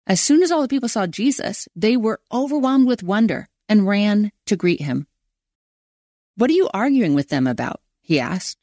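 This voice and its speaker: A woman's voice: mid-range voice, big pitch swings, normal speed, warm tone, no room sound, studio quality. A woman hosting a podcast, reading a devotional and a prayer in an earnest voice that draws out key words. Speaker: podcast host.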